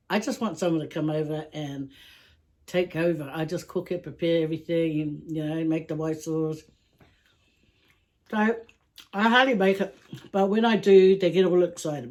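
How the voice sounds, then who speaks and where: Chatty, giggly woman vlogger, slightly low. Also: darkish tone. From Samoa. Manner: chatty, laughs often, stretches words. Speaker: YouTube vlogger. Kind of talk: casual mukbang chat answering viewer questions.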